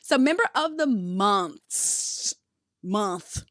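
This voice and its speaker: A woman's voice: mid-range voice, animated, extremely slow, a bit bright, no echo, studio quality. A woman hosting a podcast, chatting casually in a bubbly, slangy way. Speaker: podcast host.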